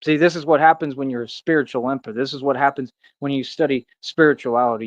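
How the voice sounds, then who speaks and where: A man's voice: mid-range voice, no echo, muffled recording. A man ranting to his live chat in a boastful, preachy and confrontational way. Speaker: streamer. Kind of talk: live-stream rant to chat.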